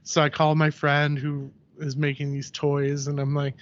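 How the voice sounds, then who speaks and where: A man's voice: a little high, normal speed. A man guesting on a podcast, telling stories in a loose, chatty way. His voice sits a little above the usual male range, and he slips into the voices of the people he quotes. The sound is dull and lo-fi. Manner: animated storyteller who acts out quoted voices, heavy use of "like". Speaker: podcast guest, ceramic artist. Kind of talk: casual podcast conversation.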